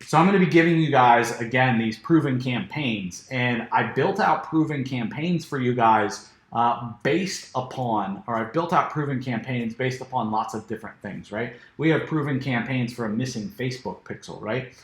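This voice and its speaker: A man talks his way through a software demo in a loose, casual way, stumbling over restarts and fillers. His voice is a little worn, as if he is losing it. The recording has a noticeable room echo. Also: mid-range voice, moderate pace, hardly any pauses. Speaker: software reviewer. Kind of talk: screen-share software walkthrough. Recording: echoey room.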